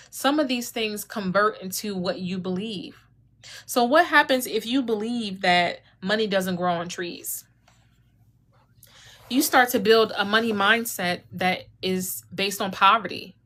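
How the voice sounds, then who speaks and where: A woman's voice: mid-range voice, pushed and bright. A woman coach talking directly to viewers on a live stream, conversational and coaching, calling them y'all. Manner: conversational, drops into quoted mom voices. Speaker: etiquette and self-esteem coach.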